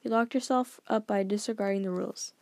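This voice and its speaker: Here a woman portrays a strict, proper old grandfather, delivering grave, deliberate lectures a touch lower and quieter than her usual narration. Her intonation is fairly even and the acting is light.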